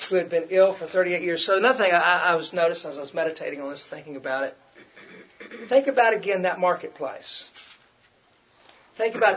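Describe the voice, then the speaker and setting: A man's voice: high-pitched, a bit bright. A middle-aged man preaching a conversational sermon, repeating himself and acting out quoted complaints.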